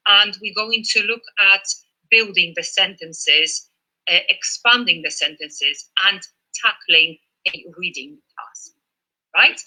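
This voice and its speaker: A woman's voice: mid-range voice, pushed and bright, low-quality recording. A woman teaching a live online Spanish lesson in an encouraging, chatty way, with fillers.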